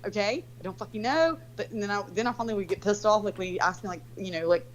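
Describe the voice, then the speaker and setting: A woman's voice: medium pitch, rapid-fire, a little hiss or hum, low-quality recording. A woman telling a story in casual chat, rambling and swearing freely, leaning heavily on "like". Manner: rambling, profane, heavy use of "like".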